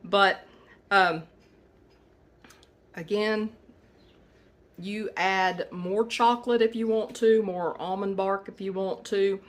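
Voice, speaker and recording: A woman's voice: medium pitch, steady tone, slow, pauses often. A woman hosting a home cooking video, talking viewers through a recipe in a homey, chatty way. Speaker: recipe channel host. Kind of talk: casual cooking demo.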